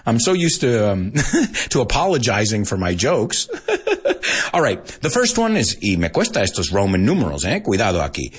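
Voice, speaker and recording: A man's voice: mid-range voice, huge pitch swings, normal speed, breathy edge. An American man giving a casual, jokey lesson, chatting and laughing often at his own asides. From United States. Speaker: English teacher. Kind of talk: casual teaching monologue.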